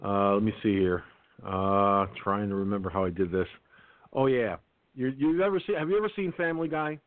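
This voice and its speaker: A man's voice: lowish voice, brisk, dry recording. A man hosting a call-in radio talk show, telling stories and breaking into cheesy impressions, heard over a phone-line connection. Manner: storytelling, slips into cheesy impressions. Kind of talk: casual chat.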